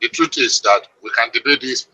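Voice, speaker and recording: A man's voice: mid-range voice, fairly quick, bright, forceful tone, dry recording, poor audio. A man on a panel, firmly rebutting the others. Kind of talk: panel discussion.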